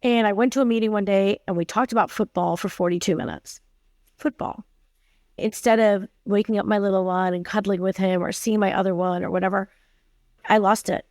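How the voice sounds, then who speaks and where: A woman's voice: medium pitch, steady tone, fairly quick, a little mellow, no room sound, clean studio sound. A woman in her forties, a tech company CEO, talking candidly as a podcast guest and acting out the dialogue in her stories. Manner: emphatic, acts out quoted dialogue in her stories. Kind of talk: candid conversational storytelling.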